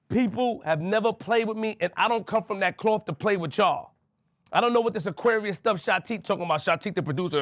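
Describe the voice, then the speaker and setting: A man's voice: high voice, expressive, brisk, a bit bright, no room sound, clean studio sound. A man from Queens, a podcast host speaking to camera, emphatic and repetitive as he addresses someone directly. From Queens, New York.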